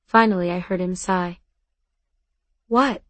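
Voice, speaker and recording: A woman's voice: mid-range voice, normal speed. A woman narrates a first-person story in an earnest, conversational way. The recording is dry and close, with no room echo at all. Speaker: audiobook narrator.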